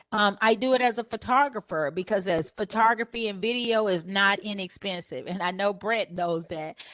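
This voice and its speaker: A woman photographer sharing business advice on a panel. She tells stories and acts out her customers' questions in a higher voice, laughing often. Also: no echo, clean studio sound. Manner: lively storyteller who acts out customers in a higher voice; laughs often while talking.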